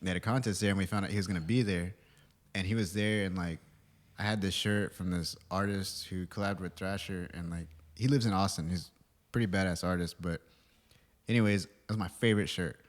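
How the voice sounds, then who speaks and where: A man's voice: low-pitched, fairly even intonation, fairly quick. A man hosting a podcast, laid-back and profane, laughing often as he tells his own story. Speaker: podcast host. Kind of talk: casual chat.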